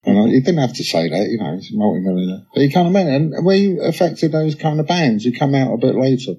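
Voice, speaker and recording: A musician guesting in an on-stage conversation talks fast in a mid-range voice, and the recording sounds muffled. He tells chatty anecdotes, says "you know" a lot, and quotes other people in lively bursts.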